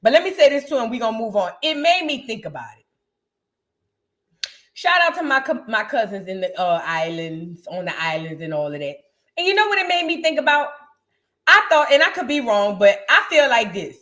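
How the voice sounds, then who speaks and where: Animated high-voiced woman, slangy. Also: brisk. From United States. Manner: animated, slangy, repeats phrases for emphasis. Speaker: podcast co-host. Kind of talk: casual storytelling chat.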